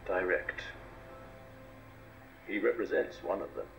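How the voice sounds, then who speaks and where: An actor playing a calm, mysterious male mentor who speaks slowly and in measured pauses, in film dialogue. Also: deep voice, faint music behind, poor audio. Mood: cryptic. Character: cryptic calm male mentor revealing secrets.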